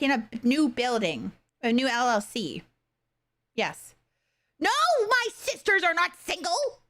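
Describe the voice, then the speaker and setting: A young adult woman chatting casually with her livestream viewers, halting and soft-spoken, with many fillers and pauses. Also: sits high. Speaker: streamer.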